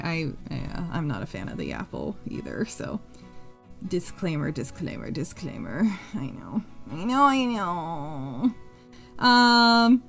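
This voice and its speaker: A woman's voice: fairly low pitch, a bit bright. Chatty woman humming as she crafts. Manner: rambling and chatty, hums to herself, swears freely. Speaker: live-stream crafting host. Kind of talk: casual chat while crafting on a live stream.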